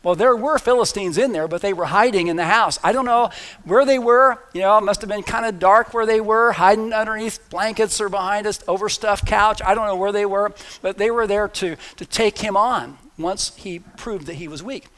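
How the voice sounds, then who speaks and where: A man's voice: high voice, normal speed, a bit bright. A male pastor preaching a sermon, retelling a story in a casual, joking way.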